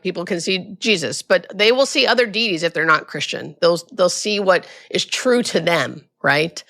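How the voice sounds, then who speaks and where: A middle-aged woman, a hospice nurse, talking casually in an interview and acting out the people in her stories. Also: gravelly. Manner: animated, acts out quoted voices with high pitch jumps. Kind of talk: conversational storytelling interview.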